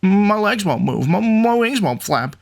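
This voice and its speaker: A man's voice: high-pitched, big pitch swings, unhurried, gravelly, voice pushed up, heavily acted. A man voicing an eager male bird reporter in a game, friendly and jumpy, who keeps calling the listener partner. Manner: upbeat, calls listener partner.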